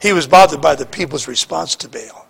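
A pastor preaching a sermon, repeating words and swinging between shouting and hushed speech. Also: male voice, a little high, animated, brisk, vocal fry, breathy edge.

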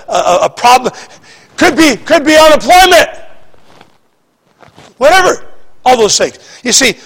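A pastor preaching a sermon, repeating words and swinging between shouting and hushed speech. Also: male voice, very high-pitched, creaky, breathy edge.

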